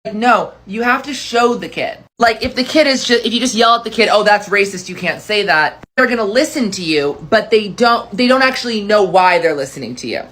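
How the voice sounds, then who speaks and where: A woman's voice: mid-range voice, fairly quick, few pauses. Earnest woman teacher. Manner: earnest, quotes herself and the student in lively asides. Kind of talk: reaction commentary with retold classroom story.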